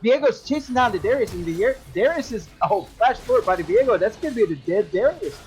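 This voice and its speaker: A play-by-play caster giving live esports commentary, excitable and self-deprecating, with a lingering cough from being under the weather. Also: mid-range voice, fast.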